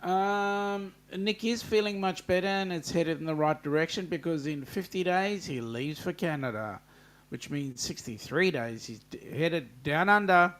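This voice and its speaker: A man's voice: a little high, a little slow, fairly bright tone. An Australian man hosting a casual livestream, chatting loosely with lots of ums and greeting viewers by name. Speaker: livestream host. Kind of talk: casual live-chat greetings.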